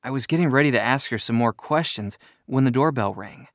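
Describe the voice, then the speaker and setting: A man reading book excerpts aloud in a measured, expressive storybook style. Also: mid-range voice, dry recording, studio quality.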